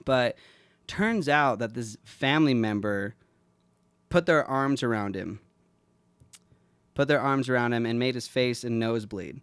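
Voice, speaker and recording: A man's voice: medium pitch, measured pace, long pauses, clear, resonant tone, no echo. A man hosting a podcast, telling an emotional story in a rambling, profane, heartfelt way. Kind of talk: casual heartfelt chat.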